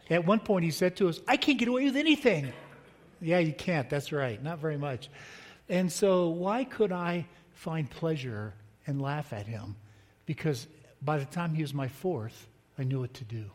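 Middle-aged pastor preaching in a reverberant hall. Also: male voice, on the high side, a little mellow. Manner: conversational, joking with the congregation. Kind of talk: sermon. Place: church sanctuary. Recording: long reverb of a church hall.

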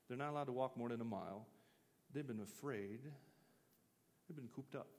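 A man's voice: medium pitch, moderate pace, a little mellow, in a large hall. A man preaching an interactive sermon, talking casually and asking his listeners questions. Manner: conversational, asks the audience questions.

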